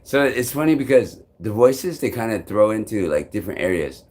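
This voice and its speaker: On his live stream, a man vlogs in a restless ramble full of swearing, jumping from loud outbursts to muttered asides. He's very animated and speaks a little fast.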